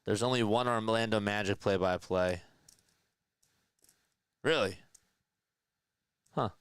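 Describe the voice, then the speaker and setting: A man hosting a casual live play-by-play stream, chatting with viewers and answering their comments between pitch calls. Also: takes it slowly, clean tone, no echo. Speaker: livestream play-by-play host.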